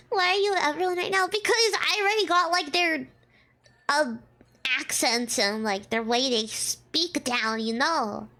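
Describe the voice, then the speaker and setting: A woman's voice: high voice, a little slow, pushed and bright. A young woman streamer chatting and giggling while she reads a visual novel aloud, switching between reading and reacting.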